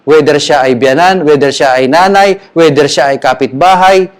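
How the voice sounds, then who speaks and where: Filipino man, middle-aged pastor, a bit higher voice, emphatic grieving sermon, mixes English with Tagalog. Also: brisk. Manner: switches between English and Tagalog, earnest and emphatic. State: grieving, emotional. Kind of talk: sermon at a memorial.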